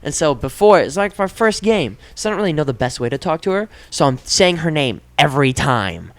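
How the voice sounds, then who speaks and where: A man's voice: a little high, sing-song, brisk, no echo. A young man telling a story in casual chat, acting out the voices and sound effects as he goes. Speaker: podcast host.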